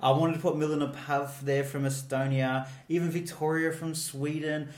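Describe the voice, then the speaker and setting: A man's voice: fairly high pitch, flat delivery, normal speed, a little mellow. A man co-hosting a podcast, talking in an enthusiastic, gushing way and laughing often. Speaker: podcast co-host. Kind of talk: casual chat. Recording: roomy echoey room.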